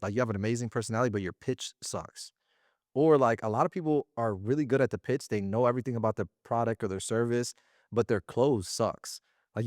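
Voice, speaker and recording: A man talking as an interview guest about running a sales business, in slangy, animated casual speech. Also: mid-range voice, no room sound, clean studio sound. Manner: slangy and animated, often acting out little quoted exchanges.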